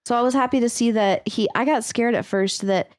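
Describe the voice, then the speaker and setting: A woman's voice: on the high side, brisk, a little mellow, dry recording, studio quality. A woman co-hosting a casual podcast, chatting easily with fillers and laughter. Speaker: podcast co-host, former teacher. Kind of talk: casual chat.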